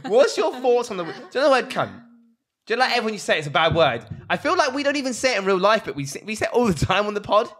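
Bright-voiced swearing podcast host. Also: medium pitch, big pitch swings, rapid-fire. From Jersey. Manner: profane, rambling storytelling. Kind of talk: casual chat.

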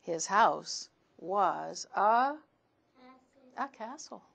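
Slow, expressive woman storyteller. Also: medium pitch, creaky, slight background noise. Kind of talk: reading picture books aloud to children.

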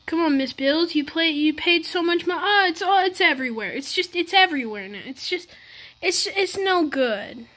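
A woman with a high, bright voice reacts to a music video with comic bewilderment. She stammers and restarts as she fires off exasperated questions at the screen. It is loose, running commentary. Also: animated, moderate pace.

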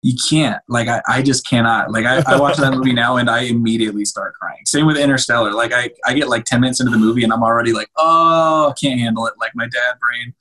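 A young man, a cinematographer, chatting casually on a podcast in an animated, emotional way with many restarts. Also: mid-range voice, fast talker, hardly any pauses, slightly rough. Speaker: cinematographer guest.

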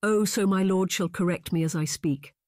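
A man voicing a polite, nervous but spirited young lady in an audiobook, lifting his pitch to sound earnest and questioning. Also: normal speed, no echo, clean studio sound, natural voice. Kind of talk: audiobook narration.

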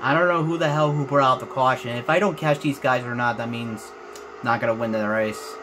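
Over a noisy background, a young gaming channel host with a mid-range voice talks fairly quickly. He addresses viewers during a racing game let's play, frustrated and repeating himself as he drives.

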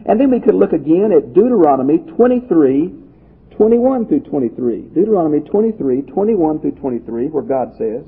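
Over tinny, phone-like audio, a man with a fairly high, gravelly voice and a breathy edge teaches the Bible conversationally, reading passages and then unpacking them. He talks briskly with lively intonation in a homespun, folksy lecture style.

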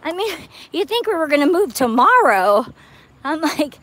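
Chatty high-voiced woman vlogging outdoors. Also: normal speed, a little hiss or hum. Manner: chatty and excitable, coos at a frog. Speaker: vlogger livestreaming. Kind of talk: casual live vlog chat. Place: outdoor parking lot at night.

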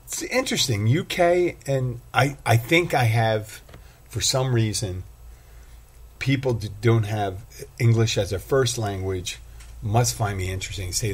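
Low-voiced rambling bartender host. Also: male voice, normal speed, husky. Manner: rambling, self-deprecating. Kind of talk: casual solo monologue.

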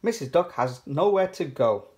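A man voicing an eccentric, bold old grandpa rabbit in a picture book read aloud, loud and insistent. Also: a little high, lively intonation, normal speed, pitched above the performer's own voice, natural voice. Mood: hearty.

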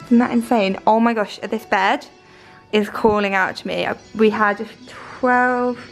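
A young woman vlogging her trip, gushing excitedly as she shows off a hotel room on a handheld camera. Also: medium pitch, unhurried, soft background music, low-quality recording. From Ireland. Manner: excitable, gushing, breathless asides. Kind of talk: travel vlog.

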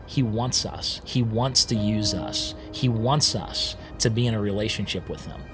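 A man who is a podcast guest, telling his own story in a casual, animated way and often acting out what he once said. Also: on the low side, measured pace, music in the background.

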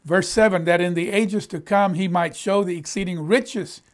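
A man's voice: high-pitched, normal speed. A middle-aged male pastor preaching a sermon in an emphatic, conversational way.

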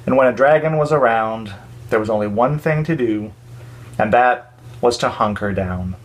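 A man reading a children's story aloud for a church, expressive with dramatic pauses. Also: medium pitch.

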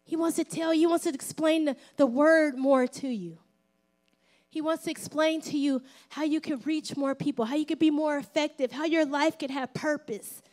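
Middle-aged woman pastor, high voice, lively playful sermon delivery, dips into whispers. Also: normal speed. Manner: drops to a whisper at times.

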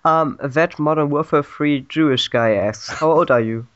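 A man's voice: on the high side, normal speed, clean tone, no echo. A man hosting an interview, reading out fan questions and laughing along. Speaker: interviewer, host. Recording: dull, muffled lo-fi online call.

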